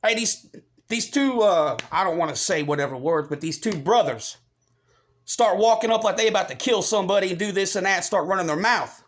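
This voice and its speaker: Vlogger, male, fairly high voice, heated and profane, repeats his points. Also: lively intonation, a little fast. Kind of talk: angry rant to camera.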